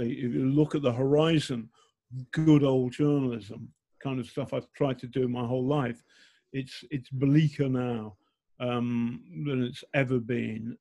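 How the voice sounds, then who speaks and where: A man's voice: mid-range voice, dark tone. A man of about sixty with a slight northern English accent, telling candid stories in an interview, blunt and self-mocking with many ums and restarts. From England. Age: 60s. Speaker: journalist guest.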